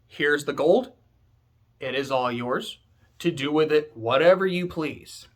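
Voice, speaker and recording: A man's voice: fairly high pitch, measured pace, lightly acted. A man paraphrasing a smug scheming witch. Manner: flippant paraphrase, casual and profane. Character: smug scheming witch woman running a deadly game.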